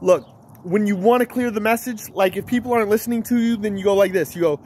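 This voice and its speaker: High-voiced man rambling to camera. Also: fast talker, darkish tone, slight background noise. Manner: giggly, repetitive, stream-of-consciousness. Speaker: vlogger. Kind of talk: rambling casual monologue to camera.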